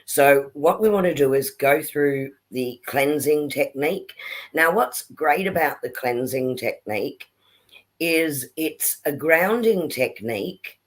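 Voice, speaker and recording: A woman co-hosting a spiritual session, explaining a technique slowly with fillers, over a video call. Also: sits low, expressive. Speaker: spiritual workshop co-host. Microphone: video call with dropouts.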